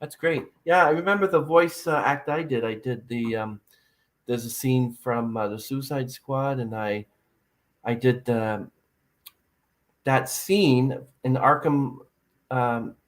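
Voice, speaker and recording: A man's voice: mid-range voice, slow pace. A man hosting a podcast interview, rambling and hesitant with many fillers. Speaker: podcast host. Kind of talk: casual interview chat.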